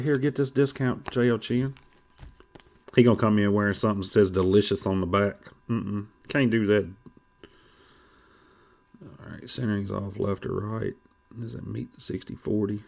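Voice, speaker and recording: A man's voice: lowish voice, gravelly, darkish tone. A man hosting a trading card stream, rambling and joking crudely in casual chat.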